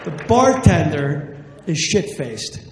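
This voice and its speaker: High-voiced, brash comic from Jersey, echoey live hall. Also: male voice, sing-song, slow, a crowd in the background. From New Jersey. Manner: profane, brash. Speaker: stand-up comedian. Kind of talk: stand-up storytelling. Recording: echoey hall, faint noise.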